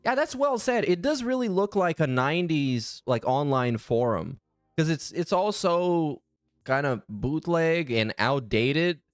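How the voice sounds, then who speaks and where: A man's voice: on the high side, lively intonation, unhurried, no echo, faint music behind. A man hosting a casual reaction commentary, sarcastic, profane and exasperated. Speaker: commentary channel host.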